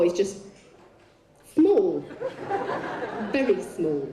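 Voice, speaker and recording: A woman telling bawdy, swearing stories on a concert stage, with deadpan comic asides. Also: lowish voice, unhurried, pauses often. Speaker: poet performing on stage. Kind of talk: live stage storytelling. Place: large concert arena on stage. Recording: echoey arena heard from far off.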